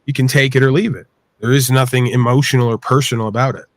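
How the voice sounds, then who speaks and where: A man with a middling voice calmly lays out a formal, analytical case, weighing his words. The sound is close and dry, with no room around it. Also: medium pitch, fast, dry recording. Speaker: panelist. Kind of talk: live panel debate.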